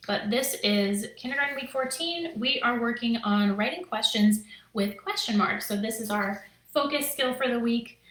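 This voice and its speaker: A woman's voice: on the high side, a bit bright, echoey room, rough recording. A woman in her thirties, a teacher, explaining lessons to the camera in a chatty, upbeat way. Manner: chatty and upbeat, lots of fillers and "right?". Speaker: teacher and curriculum creator. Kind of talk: casual teaching video, talking to camera.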